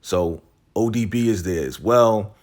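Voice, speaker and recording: A man casually recapping a TV episode, using slang, saying "right?" a lot and acting out the characters' lines. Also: unhurried. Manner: retells scenes, quoting characters in a lowered voice; slangy, repeats "right?" and "you know". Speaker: TV recap host.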